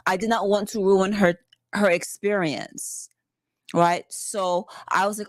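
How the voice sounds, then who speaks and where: A woman from the Bronx, a podcast guest telling a personal story in casual talk, animated and swearing freely. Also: mid-range voice, measured pace, no echo. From the Bronx, New York.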